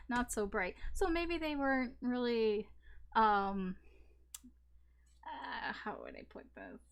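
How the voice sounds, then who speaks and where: A woman's voice: a little high, very animated, takes it slowly, pauses often, clean tone. A woman giving a casual tarot reading, talking in a chatty, rambling way with many fillers and restarts and the odd swear word. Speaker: tarot reader.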